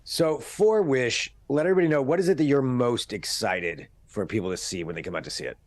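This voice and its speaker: A man's voice: mid-range voice, lively intonation, fairly quick, a little mellow, dry recording. A man, a local TV reporter, introducing and conducting an interview in a friendly, chatty way.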